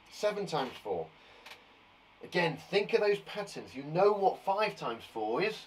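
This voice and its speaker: A man's voice: mid-range voice, fairly bright tone, slight background noise, rough recording. A man from England teaching a live online maths lesson to young children, counting aloud and encouraging them with chatty asides. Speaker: primary school teacher.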